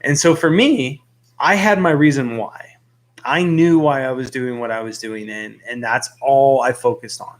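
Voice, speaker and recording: Young male store owner, earnest, rambling, middle-pitched voice, talking to camera. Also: moderate pace. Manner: earnest, rambling with many fillers. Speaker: fish store owner and YouTube host. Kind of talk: casual talk to camera. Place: his aquarium store.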